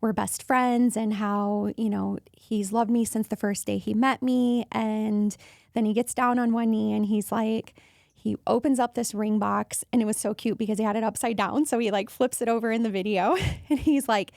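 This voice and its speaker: A woman in her thirties hosting a podcast, telling a personal story in a casual, animated way and acting out the voices of people she quotes. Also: moderate pace, gravelly, no echo, studio quality. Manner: animated, acts out quoted voices with jumps in pitch. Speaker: podcast host.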